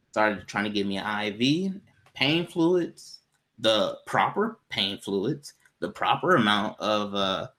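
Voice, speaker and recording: Man, casual storytelling chat, animated, laughs a lot. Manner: animated, jumps to high pitch when quoting himself, laughs often. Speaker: podcast co-host telling a story.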